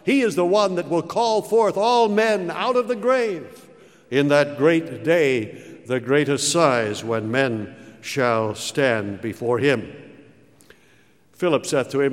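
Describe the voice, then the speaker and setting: A man preaching a sermon, slow and emphatic, with big dramatic rises and falls in his voice. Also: fairly high pitch. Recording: long hall reverb.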